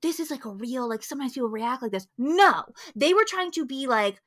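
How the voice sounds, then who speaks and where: Young woman, podcast co-host, bright tone, slightly high pitch, heated profane rant. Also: lively intonation, fairly quick. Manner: heated, profane ranting with quoted asides. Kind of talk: casual podcast chat.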